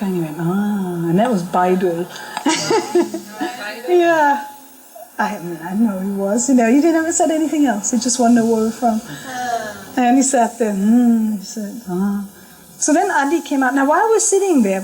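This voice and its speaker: A middle-aged woman telling a personal story in a casual, lively way, laughing often and acting out what others said. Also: a little high, normal speed, poor audio. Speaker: storyteller recalling a spiritual journey. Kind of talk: casual spoken memoir. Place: talk at a spiritual center.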